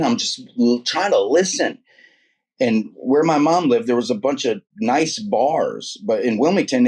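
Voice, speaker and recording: Husky-voiced man telling his testimony. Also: medium pitch, a little mellow. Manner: slangy and emphatic, repeats words, calls listener "man" and "dude". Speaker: guest sharing a faith testimony. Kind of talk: casual storytelling testimony.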